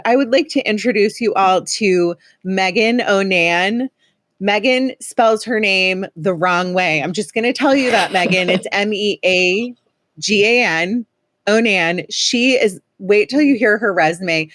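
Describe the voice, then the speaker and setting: A woman's voice: medium pitch, measured pace, no room sound, studio quality. A woman, hosting a podcast in casual, joking chat. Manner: chatty, joking and sarcastic. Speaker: podcast host.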